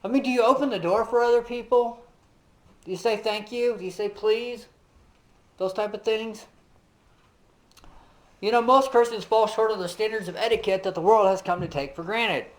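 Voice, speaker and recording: Male Bible teacher, fairly high voice, relaxed conversational delivery, quizzes his listeners directly. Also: normal speed, long pauses, rough recording. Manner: conversational, peppered with "you know"; asks the listeners direct questions. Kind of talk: casual Bible lesson.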